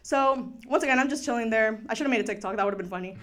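Brief: young woman, a bit high-voiced, chatty storyteller, lots of fillers, slips in Spanish words. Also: quick pace. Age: young adult. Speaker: student storyteller. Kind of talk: casual storytelling.

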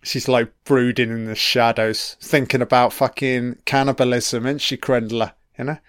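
A man doing a casual, profane film commentary, heckling the characters on screen, his throat a little croaky from illness. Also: medium pitch, flat delivery, normal speed, a bit bright, no echo, studio quality. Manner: profane, talks back at the screen.

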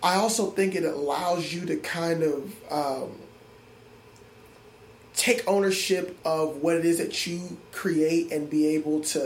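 An adult man, a middle school music teacher, speaks earnestly and reflectively in an interview conversation, often restarting his sentences. His voice is a little high and his pace measured. The recording, made in an echoey room with faint ambience, carries a little hiss or hum.

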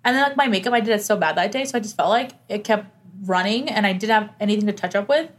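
A woman's voice: mid-range voice, fast talker. A young adult woman co-hosting a podcast, telling a personal story in casual chat with many "like"s. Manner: storyteller who reenacts conversations, many "like"s. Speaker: podcast co-host.

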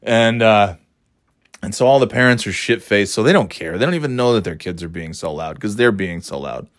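A man's voice: on the low side, animated, brisk, no echo, clean studio sound. A middle-aged man telling a story in a casual monologue, swearing often in a sardonic, ranting way.

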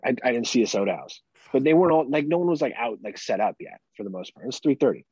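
A man's voice: mid-range voice, expressive, fast, a little mellow, husky, no room sound, highs cut off. A man in his thirties, a podcast co-host, chatting casually and laid-back, swearing and laughing often. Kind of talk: casual chat.

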